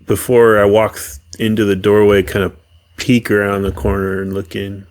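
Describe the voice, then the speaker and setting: A man playing in a tabletop game, asking questions and describing his character's actions deliberately. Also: lowish voice, completely flat delivery, a little mellow, no echo. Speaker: player. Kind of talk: casual tabletop play.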